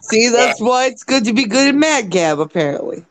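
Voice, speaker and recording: A woman's voice: on the high side, expressive, moderate pace, noisy background. A woman joking and teasing in a casual group chat.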